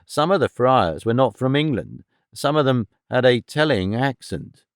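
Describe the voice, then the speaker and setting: A man voicing an impatient police inspector who presses with brisk questions. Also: mid-range voice, animated, no echo, studio quality, close to an everyday voice.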